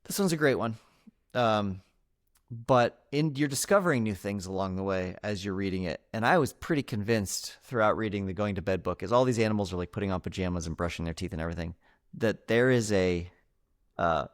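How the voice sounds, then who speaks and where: A man's voice: fairly low pitch, brisk. A man in his thirties co-hosting a podcast in casual chat, laughing often and slipping into playful voices. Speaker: podcast co-host.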